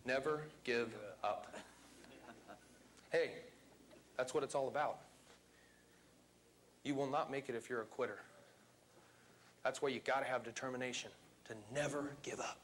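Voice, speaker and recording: A man's voice: mid-range voice, fairly even intonation, a little slow, long pauses, fairly bright tone, a little hiss or hum. A man giving a motivational seminar talk to a live audience in a seminar room, speaking emphatically and quizzing the crowd.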